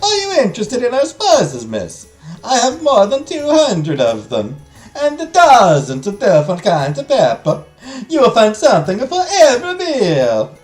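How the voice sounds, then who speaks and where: A man voicing a cheerful, pushy spice and tea merchant with a put-on Italian accent and high, drawn-out sales patter. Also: wildly swooping pitch, mellow. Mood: eager. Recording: echoey room, faint music.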